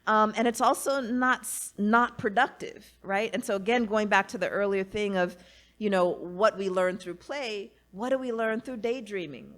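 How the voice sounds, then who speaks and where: A woman's voice: mid-range voice, a bit bright. A woman in conversation with a mid-range voice, talking in an earnest, reflective way. She leans on "you know" and "right?" as she works through her thoughts. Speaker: guest, academic and author. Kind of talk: casual conversation.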